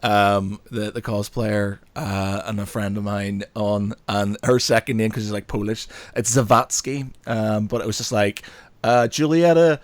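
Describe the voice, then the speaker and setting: A man hosting a casual podcast chat, animated, swearing and laughing often. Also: fairly low pitch, a little slow, no echo. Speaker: podcast host.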